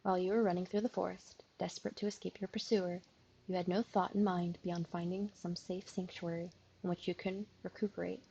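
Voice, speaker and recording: A sleepy woman streamer reading a visual novel aloud, with a gravelly, husky voice. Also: fairly low pitch, flat delivery, brisk, mellow, dull audio, a little hiss or hum. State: sleepy, yawning.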